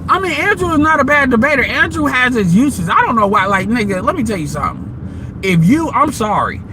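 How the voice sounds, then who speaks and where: High-voiced man ranting bluntly. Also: big pitch swings, a little fast, background noise. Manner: blunt, profane, heated ranting. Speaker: host of an online audio room. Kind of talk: casual ranting commentary.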